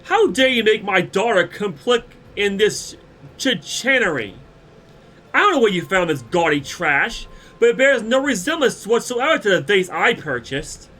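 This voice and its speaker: A man's voice: sits high, expressive, moderate pace, sharp tone, pitched above the performer's own voice. A man with a cold putting on the voice of a haughty, indignant noblewoman. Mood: outraged. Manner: outraged, then fawning. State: congested with a cold.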